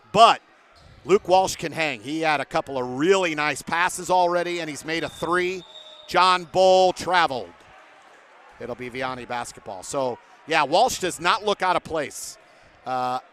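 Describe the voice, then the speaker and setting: A man's voice: a little high, a bit bright, slight background noise. Chatty man calling a basketball game. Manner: chatty, interviews guests between plays. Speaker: play-by-play announcer. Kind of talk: basketball play-by-play commentary. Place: broadcast booth at a gym.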